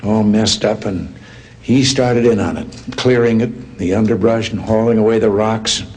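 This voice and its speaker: A man's voice: fairly low pitch, fairly even intonation, moderate pace, a little mellow. An older man giving a speech full of folksy anecdotes, told with dry humor. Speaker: public speaker. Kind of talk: joke-filled speech. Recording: long hall reverb, faint noise.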